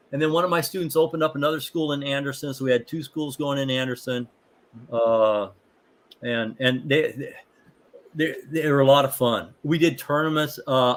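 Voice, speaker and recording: An older man, a martial arts instructor, chatting as a guest in a rambling, animated way with many fillers and restarts. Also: mid-range voice. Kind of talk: casual storytelling.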